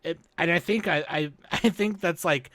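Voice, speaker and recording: A man's voice: a little high, moderate pace, dry recording. A man hosting a podcast, chatting casually and telling stories with plenty of swearing. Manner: profane, animated storyteller. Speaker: podcast host.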